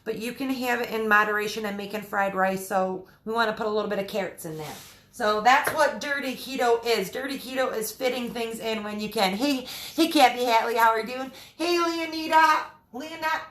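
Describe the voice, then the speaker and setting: Woman from Michigan, friendly live-stream cooking host, slightly high voice, roomy kitchen sound. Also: brisk, a bit bright. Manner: chatty, greets viewers by name between recipe steps. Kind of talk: casual live cooking chat. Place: home kitchen.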